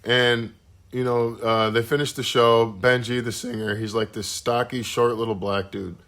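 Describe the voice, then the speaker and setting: Speaking at normal speed in a medium-pitched, fairly bright voice with little pitch movement, a young podcast co-host rambles through stories in casual conversation. He swears often.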